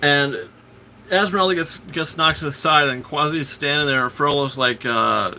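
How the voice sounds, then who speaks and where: Host, man, eager rambling film recap; sharp, bright tone, slightly high pitch. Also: moderate pace, slight background noise. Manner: excited, rambling retelling full of fillers and restarts; quotes characters in passing. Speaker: host of a live show. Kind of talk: casual film recap on a livestream.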